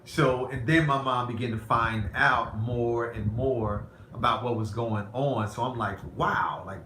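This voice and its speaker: Man, vlogger, candid rambling storytelling, bright voice, roomy echo. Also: medium pitch, steady tone, measured pace. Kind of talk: personal storytelling to camera. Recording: roomy echo, faint background noise.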